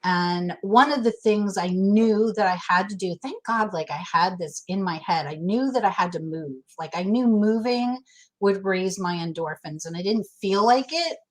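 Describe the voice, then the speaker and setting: A middle-aged woman chats casually as an interview guest, her medium-pitched voice moving at a normal speed over a rough recording. She speaks frankly and with feeling, repeatedly beginning her sentences again.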